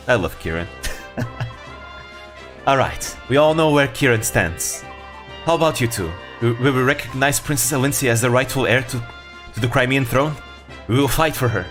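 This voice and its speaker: A man playing through a video game and adding quick, self-deprecating commentary. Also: medium pitch, lively intonation, fairly bright tone, faint music behind. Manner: self-deprecating, laughing asides. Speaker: let's play streamer.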